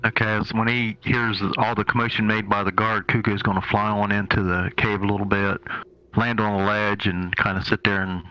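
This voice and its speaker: A man's voice: fairly low pitch, little pitch movement, moderate pace, bright, forceful tone, dull audio. A man playing in a tabletop game, describing his moves in a rambling, hesitant way. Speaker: player.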